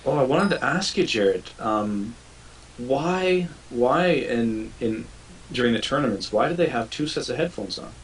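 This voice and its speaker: A man's voice: mid-range voice, lively intonation, unhurried. A man co-hosting a casual live stream, hesitant and curious, asking questions. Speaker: stream co-host. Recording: distant mic with faint hiss and typing.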